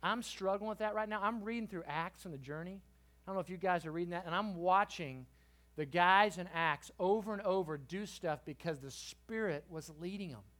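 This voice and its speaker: Brief: middle-aged man, youth preacher, higher voice, animated storytelling with loud bursts. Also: moderate pace. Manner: lively, swings from quiet to loud. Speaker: guest preacher. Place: church youth service.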